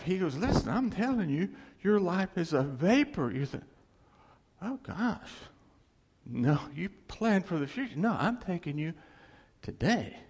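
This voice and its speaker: A man's voice: a little high, a little mellow, husky. A man preaching a sermon in a loose, conversational way, chuckling and repeating his key phrases. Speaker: pastor. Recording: long hall reverb.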